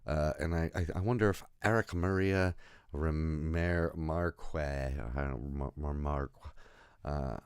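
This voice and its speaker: A man's voice: a bass voice, fairly even intonation, unhurried, clean tone, dry recording. Male film reviewer, casual and rambling, full of restarts and swearing, recorded very dry. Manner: rambling, self-interrupting, laughs at own jokes, swears.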